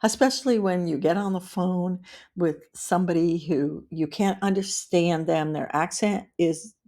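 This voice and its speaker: Woman, middle-aged, webinar presenter; low, gravelly, calm and practical, repeats key points. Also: measured pace. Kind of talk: instructional webinar talk.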